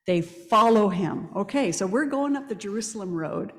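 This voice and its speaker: Female preacher, mid-pitched, lively storyteller who quizzes the room; echoey church hall. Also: normal speed. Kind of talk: sermon.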